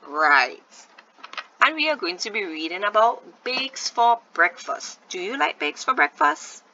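A woman teaching a phonics lesson, slowly sounding out letters and asking her young pupils questions. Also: medium pitch, creaky, bright, forceful tone, highs cut off, a little hiss or hum. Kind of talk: recorded online phonics lesson.

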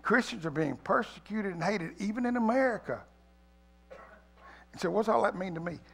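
A man preaching an Easter sermon as pastor, swinging from loud appeals to quiet pleading. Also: high-pitched, normal speed, creaky. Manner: preaching, rising loud then dropping to a hush; reads a poem aloud with feeling. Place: church sanctuary.

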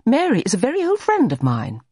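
Narrator doing a gentle young woman, earnest, higher voice, slightly husky. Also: wildly swooping pitch, brisk, no echo, clean studio sound, exaggerated voice. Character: gentle, honest young woman, eager to please. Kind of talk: audiobook character reading.

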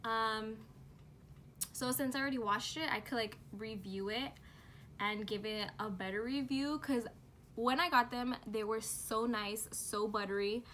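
A young woman chats through a casual product review vlog at home, giggly and full of slang. Her voice sits a little high and she takes her time. A faint hiss of room noise sits under her voice. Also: measured pace, fairly bright tone. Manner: bubbly, chatty, giggly, lots of fillers and slang. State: out of breath from heat. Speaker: beauty and lifestyle vlogger.

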